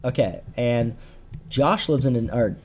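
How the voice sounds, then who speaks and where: A man's voice: mid-range voice, measured pace, a little mellow, slight background noise. A young man, rambling through a slangy, laid-back story as a podcast co-host. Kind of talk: casual storytelling.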